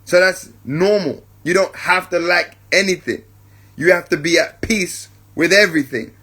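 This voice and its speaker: A man's voice: high-pitched, sharp tone, slightly rough. A man hosting a spiritual podcast, talking reflectively and checking in with his listeners, whom he calls family. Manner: keeps checking in with listeners, addresses them as family; unhurried, repeats points for emphasis. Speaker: podcast host.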